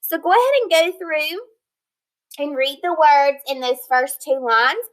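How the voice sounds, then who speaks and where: Woman, phonics teacher, high bright voice, patient and encouraging. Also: low-quality recording. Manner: slow, clear, encouraging teacher talk, sounding out words. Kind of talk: recorded phonics lesson for children.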